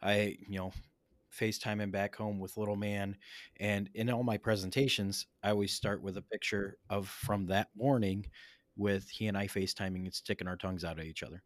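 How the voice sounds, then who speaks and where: A man sharing quick, upbeat anecdotes in a casual chat. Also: fairly low pitch, steady tone, no echo.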